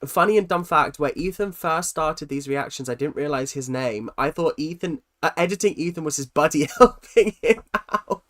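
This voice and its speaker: A man's voice: on the high side, normal speed, hardly any pauses, a bit bright. A young man hosting a livestream, reading out chat comments and answering with teasing, self-mocking jokes and lots of ums. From London. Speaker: livestream host.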